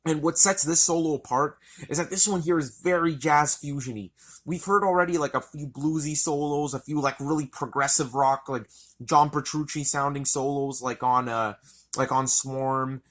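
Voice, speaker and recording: A man's voice: a little high, moderate pace, a bit bright. A man reviewing an album in a casual, rambling, enthusiastic way, swearing often.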